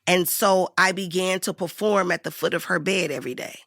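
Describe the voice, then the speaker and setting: Bright, lively woman telling stories. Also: lowish voice, a little fast, vocal fry, dry recording, clean studio sound. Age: 50s. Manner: animated, acts out voices in her stories. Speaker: interview guest, actor. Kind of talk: storytelling interview.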